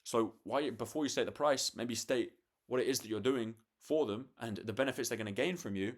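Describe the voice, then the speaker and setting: A man's voice: medium pitch, brisk. A young man, swearing freely and restarting sentences as he talks to camera late at night, acting out parts of a sales call. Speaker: vlogger.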